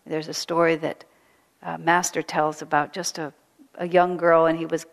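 Soft-spoken woman telling a sacred story. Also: sits low, little pitch movement, moderate pace, creaky, big-room sound. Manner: soft-spoken, often drops to a hush; earnest and reflective, repeats phrases. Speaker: spiritual teacher. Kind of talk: spiritual storytelling talk.

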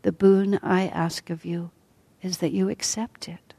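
A woman's voice: lowish voice, level tone, a little slow, creaky, mellow. A woman voicing a sorrowful pleading queen mother.

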